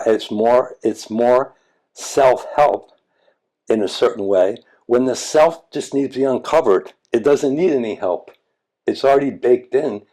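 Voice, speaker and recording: Older male meditation teacher, low voice, candid and blunt, reflective talk. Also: mellow. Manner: frank, blunt, occasionally profane, repeats words when restarting. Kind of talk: reflective conversational storytelling.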